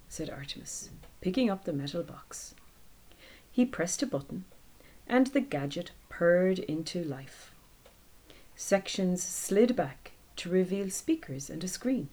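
A woman narrating an audiobook, reading a novel aloud in a steady, measured way. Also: fairly low pitch, slightly rough, poor audio.

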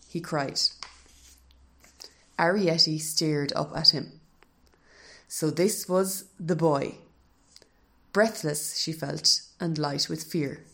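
A woman narrating a children's story in a measured, scripted reading. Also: low-pitched, fairly bright tone.

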